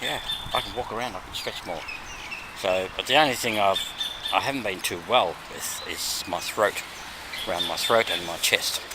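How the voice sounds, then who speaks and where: A man with an Australian accent, hoarse and losing his voice, chatting in a rambling vlog with many ums and little laughs. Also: low voice, moderate pace. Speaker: vlogger. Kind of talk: casual vlog chat. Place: walking outdoors. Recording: outdoor background noise.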